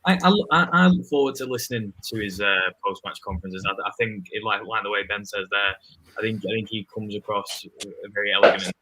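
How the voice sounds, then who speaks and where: A man with an English accent, a guest fan giving his match opinions in halting speech with many restarts. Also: on the low side, pushed and bright, poor audio. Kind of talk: casual football fan chat.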